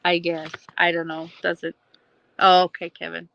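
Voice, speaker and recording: A woman's voice: lowish voice, completely flat delivery, normal speed, vocal fry, a bit bright, dull audio. A woman hosting a casual livestream, rambling chattily at night from home and answering viewers' comments. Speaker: livestream host.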